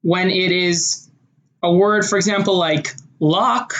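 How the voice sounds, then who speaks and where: Slow, deliberate American accent tutor. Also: mid-range voice, fairly even intonation, fairly bright tone, lo-fi sound. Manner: slow, deliberate explanation of pronunciation rules. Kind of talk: instructional video.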